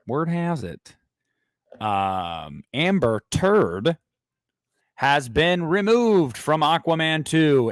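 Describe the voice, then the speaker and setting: A man hosting a movie news livestream who rambles, jokes crudely and talks animatedly to his viewers. His voice sits at an ordinary middle pitch. The sound is dry and close, with no room echo. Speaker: host of a movie news stream. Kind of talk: casual livestream chat.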